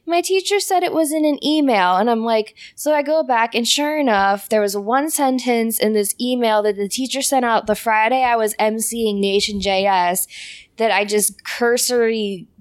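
A woman's voice: on the high side, moderate pace. A woman in casual podcast chat, telling stories about her daughter and laughing often. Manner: laughs often, animated storytelling.

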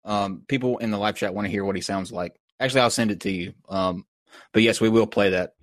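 A man's voice: fairly low pitch, fairly quick, dry recording, studio quality. A man co-hosting a live chat stream who mocks what he is discussing with sarcastic asides. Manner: sarcastic, mocking. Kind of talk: casual livestream chat.

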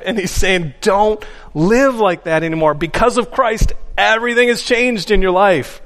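A man's voice: sits high, a bit bright. A man preaching a sermon from the pulpit, earnest and emphatic, repeating his key phrases for weight. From Upper Midwest of the US. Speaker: pastor. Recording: long hall reverb.

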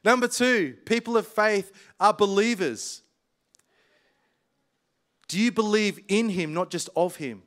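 A man, preaching a casual sermon full of stories, chatty and quick to laugh. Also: high-pitched, fairly bright tone. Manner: chatty, laughs often, colloquial.

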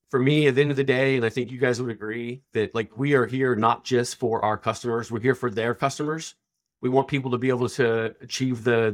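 A middle-aged man guest on a business podcast, telling stories in a casual, animated way and acting out quoted dialogue. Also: medium pitch. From Texas. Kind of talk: casual storytelling.

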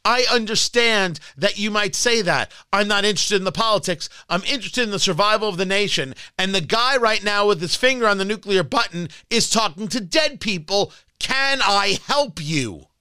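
A man's voice: high-pitched, expressive, normal speed, few pauses, pushed and bright, clear, resonant tone, no room sound, clean studio sound. A man hosting a political talk radio show, ranting in a combative, sarcastic way. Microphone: studio microphone.

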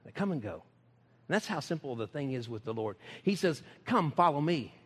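A man's voice: mid-range voice, big pitch swings, a little fast, husky, big-room sound. A man, preaching in a folksy, emphatic way and laughing often. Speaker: ministry speaker. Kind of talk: preaching talk.

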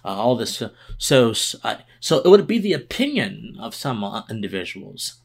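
A worn-out man delivers a political commentary monologue as a podcast host. His pitch swings widely and lively as he builds emphasis, and he often restarts and repeats words in his passion. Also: moderate pace, vocal fry, breathy edge. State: tired.

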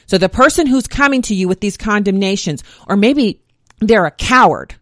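A woman delivering a faith-based monologue, reciting scripture verses one after another in a steady, emphatic cadence. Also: mid-range voice, normal speed, no room sound, clean studio sound.

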